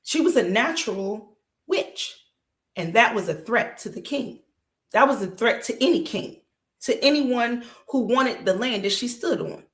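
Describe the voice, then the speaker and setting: A woman's voice: fairly high pitch, expressive, a little slow. A woman hosting a podcast and retelling a story as casual commentary, emphatic and colloquial, often stopping to ask the listener rhetorical questions. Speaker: podcast host. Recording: roomy echo.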